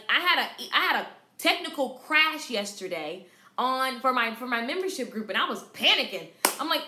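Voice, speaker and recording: Southern salon lady doing a live business class, high bright voice, lots of repeating for emphasis. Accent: Southern American. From Southern United States. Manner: energetic, emphatic, repeats points for stress. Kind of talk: live-streamed marketing class. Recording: echoey room.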